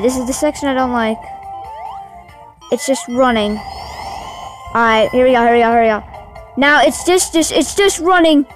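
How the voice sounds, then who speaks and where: Gaming host, woman, high voice, unhurried delivery, flips between excited yelps and frustrated grumbling, faint game music behind. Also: rough recording. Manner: excitable, easily frustrated, talks to viewers. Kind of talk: let's-play commentary.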